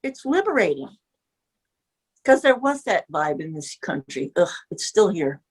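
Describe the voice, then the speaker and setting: A woman's voice: fairly low pitch, sing-song, measured pace, slightly rough. A woman in her seventies from the US Midwest, reminiscing in casual conversation as a guest and gushing, often breaking off mid-sentence. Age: 70s.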